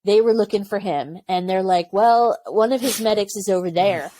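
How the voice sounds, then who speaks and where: A former Army aviation medic in her forties speaks at medium pitch and normal speed as a guest on a podcast. In the casual interview she shares lively, open stories, acting out what others said, punctuated by laughter.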